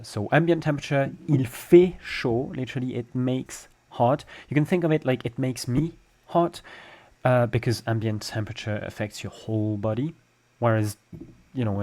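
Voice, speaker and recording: A man's voice: lowish voice, a little mellow. A young adult man with a French accent, teaching a language lesson and patiently explaining step by step with examples. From France.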